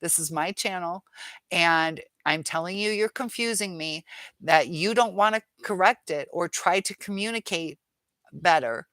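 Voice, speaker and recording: A middle-aged woman hosts a live chat, reading viewer comments aloud and pushing back on them. Her voice sits a little low and sounds dry, with no room around it. She speaks frankly and sounds fed up. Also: unhurried, a bit bright, no echo.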